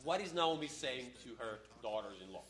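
A man's voice: mid-range voice, lively intonation, normal speed, a bit bright, far from the mic. Man teaching a roomy Bible lesson. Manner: explains step by step, checks in with "okay?" and "right?". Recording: roomy, speaker away from the mic.

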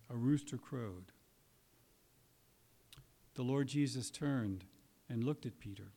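Male preacher, mid-pitched voice, earnest and emphatic, sermon delivery with dramatic pauses. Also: warm tone.

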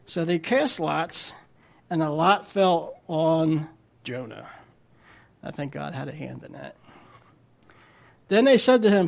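A man's voice: high-pitched, animated, unhurried, gravelly, pauses often. A man preaching a sermon as a guest speaker, talking in a conversational way with frequent restarts.

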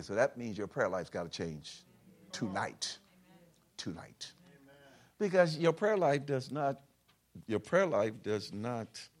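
Husky preacher guy, voice all over the place from whispers to shouts, church crowd behind. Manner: swings from quiet intimate lows to shouted soaring highs. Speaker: pastor. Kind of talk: sermon with call-and-response prayer. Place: large church hall.

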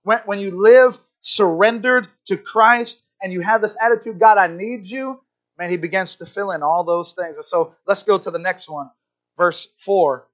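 High-voiced preacher, earnest and conversational. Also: male voice, moderate pace, a bit bright, lo-fi sound. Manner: earnest, conversational, frequent "right?" asides. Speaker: pastor. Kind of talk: sermon.

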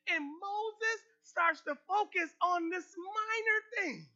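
A male preacher giving an animated sermon, calling out questions to the congregation and making playful asides. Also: very high-pitched. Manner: animated, call-and-response, joking asides. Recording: slightly muffled recording.

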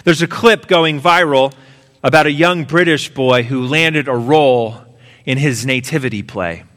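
A man's voice: mid-range voice, unhurried, a bit bright. A man preaching a sermon as pastor, emphatic and urging, acting out a story with quoted voices. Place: church sanctuary. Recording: long reverb of a large hall.

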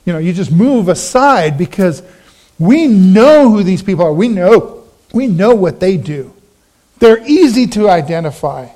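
A middle-aged man delivers a sermon in a fairly high voice, weaving a personal story into the message. He acts out the voices of the people he describes, with lively shifts in tone. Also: unhurried. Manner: animated storytelling, acting out quoted voices. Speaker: pastor.

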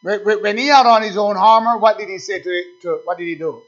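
A man's voice: sits high, fairly quick. A man preaching a sermon, emphatic and repetitive, calling out "amen" between points. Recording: dull lo-fi sound.

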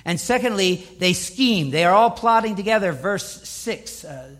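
High-voiced man preaching emphatically. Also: lively intonation, unhurried, fairly bright tone. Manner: emphatic, building repetition. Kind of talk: sermon.

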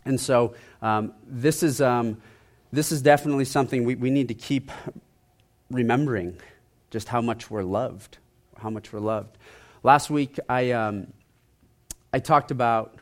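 A male pastor preaching in a loose, conversational way. He keeps repeating his phrases and sinks into a quiet, soft-spoken emphasis on his key points. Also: mid-range voice, a little slow, long pauses. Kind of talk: sermon.

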